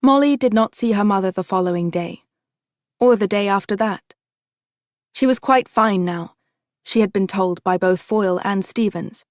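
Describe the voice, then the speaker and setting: In clean studio sound with a dry recording, a woman narrates an audiobook from a script. She keeps a steady, even storytelling delivery at normal speed and medium pitch.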